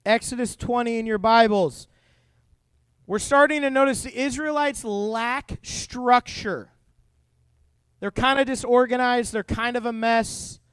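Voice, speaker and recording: A young man delivers a sermon to a youth group in a high, bright register. He is animated and jokey, slipping into playful voices for the people in his stories. The sound is dry and close. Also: a little slow, smooth, no room sound. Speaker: youth pastor. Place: church youth room.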